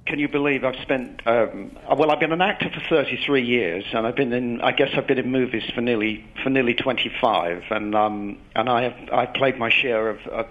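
An English man in his fifties, a guest actor chatting in a relaxed, self-deprecating way with many halting restarts. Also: mid-range voice, highs cut off. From England. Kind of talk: relaxed interview chat.

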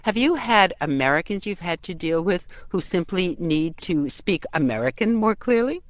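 A woman's voice: fairly low pitch, animated, moderate pace, dry recording, dull audio. A woman radio correspondent interviewing a guest with curious, conversational questions.

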